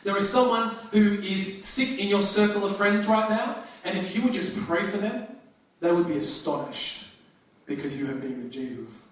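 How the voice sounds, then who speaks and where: A man preaching a sermon as pastor, talking in a conversational, lively way with frequent restarts. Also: high voice, normal speed. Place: church hall. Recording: very echoey hall, distant mic.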